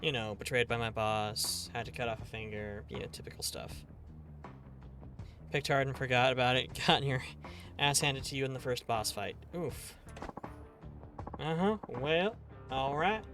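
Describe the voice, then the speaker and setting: A man's voice: mid-range voice, normal speed, over music. A man streaming a game live, chatting casually and jokingly and greeting viewers as "darling".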